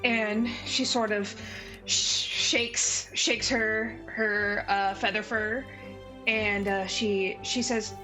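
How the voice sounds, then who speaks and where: A woman's voice: medium pitch, level tone, very slow, over music. A woman narrating as game master in a loose, filler-heavy storytelling manner.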